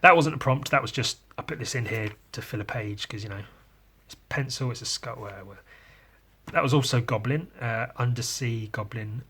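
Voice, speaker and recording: A man's voice: mid-range voice, normal speed, sharp tone, husky. Crude, rambling man. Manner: crude, irreverent, self-mocking, swears freely. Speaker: artist showing his sketchbook. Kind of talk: casual rambling commentary. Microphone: podcast mic.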